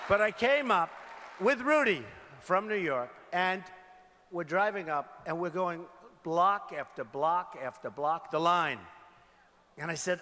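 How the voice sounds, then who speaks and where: Candidate type at a rally: a man with a high, sharp delivery, punchy and repetitive, echoing through a big arena. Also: animated, measured pace. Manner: emphatic, repeats phrases, calls out to crowd. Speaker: political candidate. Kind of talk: campaign rally speech. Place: large indoor rally venue. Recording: reverberant arena with crowd noise. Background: crowd murmur.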